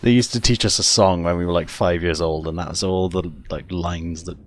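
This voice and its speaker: Brief: Welsh male streamer, slightly low voice, relaxed running commentary, quick to laugh. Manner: chatty, laughs often, talks to viewers. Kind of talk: casual gameplay commentary.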